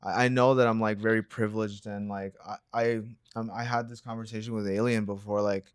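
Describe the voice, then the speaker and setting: Brief: young male co-host, low voice, dry close sound, loose rambling storyteller heavy on slang. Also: flat delivery, brisk, smooth, no room sound. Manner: laid-back, rambling, lots of filler and slang. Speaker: co-host of a reaction channel. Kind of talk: casual storytelling chat.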